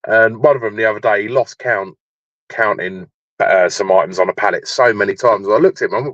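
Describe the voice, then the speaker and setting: A man's voice: lowish voice, fairly quick, a bit bright, no echo. A man calling into a live stream from his warehouse workplace, telling stories in a laid-back way. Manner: laid-back, storytelling, says mate a lot. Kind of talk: casual chat. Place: at work in a warehouse. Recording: dull dry lo-fi call audio.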